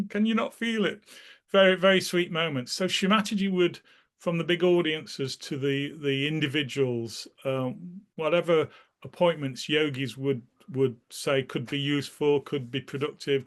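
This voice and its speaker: A man being interviewed, casually recalling memories in a rambling way, often restarting his sentences and acting out the people in his stories. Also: mid-range voice. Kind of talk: casual spoken recollection.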